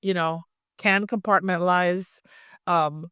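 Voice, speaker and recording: Woman from Hawaii, actress interviewee, smooth clear voice, dry close sound, chatty and friendly. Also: on the low side, steady tone, takes it slowly, a bit bright, dry recording. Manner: friendly, chatty, many fillers like "like" and "um". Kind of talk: casual interview chat.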